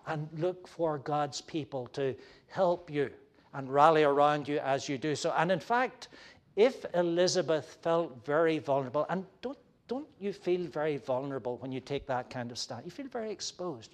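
Male pastor, sermon delivery, earnest and animated, slightly higher voice. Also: moderate pace.

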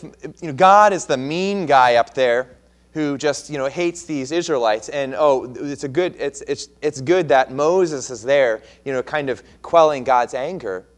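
A male pastor preaching a sermon in a conversational way, often asking his listeners questions and restarting his phrases. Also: mid-range voice.

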